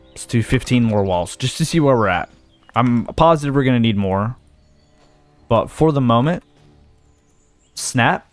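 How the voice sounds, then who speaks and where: A man's voice: medium pitch, expressive, a little slow, long pauses, soft background music. A young man giving casual let's-play commentary, thinking aloud and talking himself in and out of ideas as he goes. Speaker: gaming video host.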